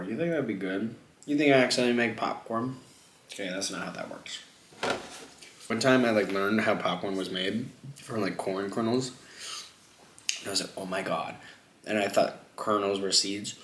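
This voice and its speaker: A man's voice: lowish voice, a bit bright, a little hiss or hum. A young man chatting casually while eating on camera, rambling and jumping between topics with lots of filler words. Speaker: mukbang vlogger. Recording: echoey room.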